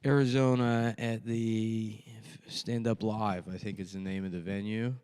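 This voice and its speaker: A young man with a fairly low voice trades dry, deadpan jokes with his co-hosts. He talks loosely and casually into a studio microphone, as podcast banter. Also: measured pace, clean tone. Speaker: podcast co-host and comedian. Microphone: studio mic.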